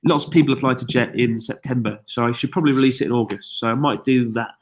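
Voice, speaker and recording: A British man leads a relaxed live chat from a log cabin up a mountain. He reads out viewers' questions and answers them in a chatty, self-mocking way, with an easy, mid-pitched voice. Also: fast. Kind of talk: casual live-stream chat.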